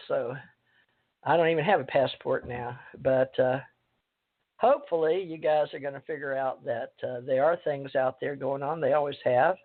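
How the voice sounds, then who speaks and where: A woman hosting a radio show, talking in a rambling, hesitant way with many pauses. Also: very deep voice. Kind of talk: casual radio talk. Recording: tinny phone line.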